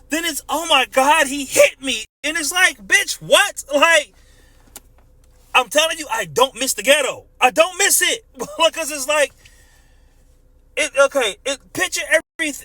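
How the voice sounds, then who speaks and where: A man's voice: extremely high pitch, bright, forceful tone, no echo. A man in his thirties, a truck driver, ranting profanely in a casual monologue and laughing often as he tells stories.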